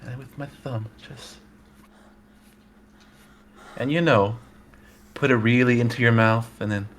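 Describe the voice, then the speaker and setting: A man playing a smooth, seductive dating-show suitor who murmurs in a drawn-out way. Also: medium pitch, fairly bright tone, slight background noise. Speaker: contestant. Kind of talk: comedic improvised dating game.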